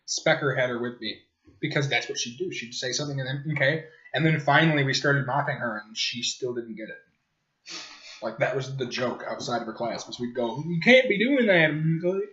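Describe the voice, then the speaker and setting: A man's voice: mid-range voice, fairly even intonation, fairly quick, fairly bright tone. Young man, podcast host, casual joking chat, echoey room, muffled lo-fi sound. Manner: joking, storytelling with mocking quoted voices. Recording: roomy, dull lo-fi home recording.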